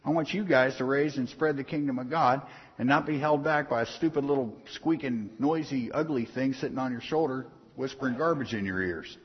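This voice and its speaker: God as an urging voice, put on by a preacher. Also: male voice, mid-range voice, a little fast, breathy edge, lightly acted. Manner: urging, plain-spoken. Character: God, a patient encouraging male voice. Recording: dull lo-fi sound, long hall reverb.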